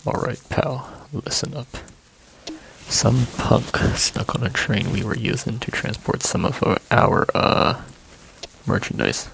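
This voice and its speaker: A pushy gang thug, all tough-guy swagger, leans on a witness, as a man reads him out. The voice is gravelly and rough, pitched in a middle range. He sounds like a bully in a game story. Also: slow pace, a bit bright, a little hiss or hum, exaggerated voice, rough recording. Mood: menacing. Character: menacing male gang thug, pushy interrogator. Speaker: game character voiced by player.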